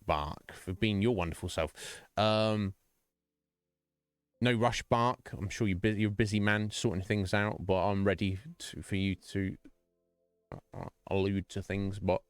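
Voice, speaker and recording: A rambling man chatting at the end of a stream, his voice sitting low and close on a dry microphone. Faint music plays behind him while he jokes and laughs between thoughts. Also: clear, resonant tone, dry recording. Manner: rambling, jokey, laughs often. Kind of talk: casual stream sign-off chat.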